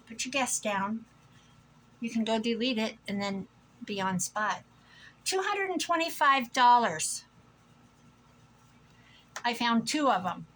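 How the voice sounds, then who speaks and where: A middle-aged thrift vlogger from Iowa, USA, chats casually to the camera from a room at home, gushing and rambling about her thrift finds. Her voice is on the high side and fairly bright. The low-quality recording has slight background noise.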